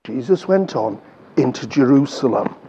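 A man with an English accent leading a lively children's Bible talk, coaxing the kids along and drawing out words slowly. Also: mid-range voice, lo-fi sound, a little hiss or hum.

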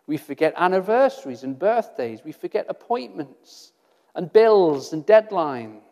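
Male preacher, high-pitched and earnest, rhetorical questions and repetition, recorded with long reverb. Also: big pitch swings, unhurried, a little mellow. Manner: earnest, rhetorical questions, repeats phrases for emphasis. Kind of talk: sermon.

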